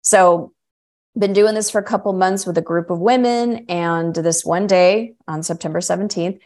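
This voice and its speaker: A middle-aged woman, a coach and energy healer, telling her story in a lively conversational way and acting out other people's lines. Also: normal speed. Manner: acts out quoted voices with big pitch jumps.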